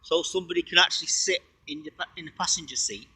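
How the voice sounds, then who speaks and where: A man's voice: sits high, animated, quick pace, sharp tone, husky, no echo, rough recording. A man hosting a casual livestream, rambling through playful wordplay and chatty asides, sometimes talking while eating. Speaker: livestream host.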